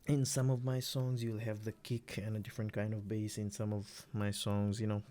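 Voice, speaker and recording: A man producing music, walking through his own beat in a relaxed, rambling way, with many fillers and restarts. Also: on the low side, moderate pace. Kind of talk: casual screen-recorded tutorial.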